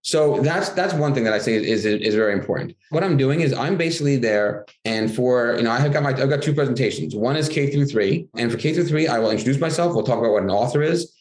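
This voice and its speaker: A middle-aged man, a guest author in casual interview talk, animated and acting out his classroom dialogue in a raised voice. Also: medium pitch, fast talker, few pauses. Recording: roomy echo.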